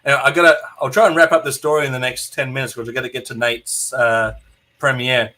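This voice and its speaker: Bright-voiced man telling a lively story. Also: medium pitch, a little fast. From New Zealand. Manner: animated anecdote teller, acts out quotes, swears freely. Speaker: podcast host. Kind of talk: casual storytelling chat.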